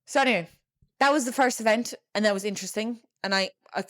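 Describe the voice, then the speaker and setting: A woman's voice: medium pitch, fast, no room sound, studio quality. A young adult woman with an Irish accent, hosting a podcast and telling a personal family story in a chatty, frank way, with lots of fillers and the odd swear word. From Ireland. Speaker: podcast host.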